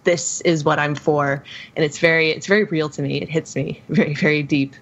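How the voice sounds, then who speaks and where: A woman guesting on a podcast, chatting casually about a movie. Her voice sits a little low for a woman. She giggles often and stops to restart her sentences as she gathers her thoughts. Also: fairly even intonation, brisk, muffled recording. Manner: warm-hearted, giggly, with frequent restarts and fillers. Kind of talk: casual film discussion.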